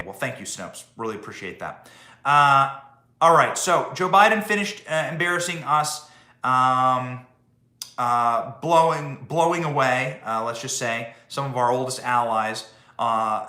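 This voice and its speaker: A male host rants sarcastically through political commentary, stumbling over fillers and restarts. His voice is bright and forceful, and a roomy echo hangs around it. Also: medium pitch. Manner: sarcastic, ranting, with many fillers.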